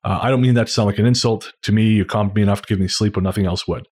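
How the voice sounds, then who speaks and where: A man with a low-pitched voice reads listener mail on a podcast. His tone is husky and a little breathy. He talks in a relaxed, unhurried way and stumbles through his phrases with plenty of fillers. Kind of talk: casual chat.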